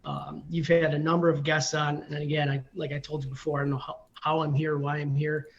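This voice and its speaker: A man's voice: a little high, level tone, a little fast, gravelly, dull audio. A man in his forties, a firefighter guest, telling a story casually with many ums and you-knows.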